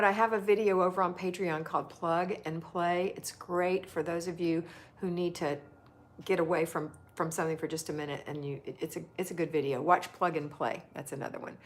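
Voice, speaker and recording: Chatty woman hosting a livestream. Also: mid-range voice. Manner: chatty, affectionate, reads viewer comments aloud. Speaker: livestream host. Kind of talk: casual livestream chat reading comments.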